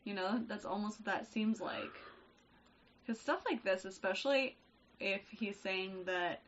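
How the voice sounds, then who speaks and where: A woman co-hosting a casual chat podcast, telling family stories with animated quoted voices and frequent laughter. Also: mid-range voice, a little slow, highs cut off. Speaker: podcast co-host.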